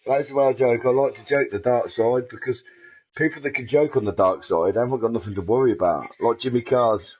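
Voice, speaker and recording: Speaking fairly quickly at a medium pitch, this middle-aged English man vlogs in a loose, foul-mouthed ramble and chuckles at his own gags. It's captured on a dull lo-fi recording.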